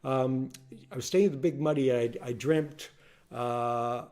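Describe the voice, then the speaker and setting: A man's voice: medium pitch, steady tone, unhurried, darkish tone. An older man, a singer-songwriter, chatting casually on a home livestream between songs, rambling and restarting his sentences. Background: acoustic guitar.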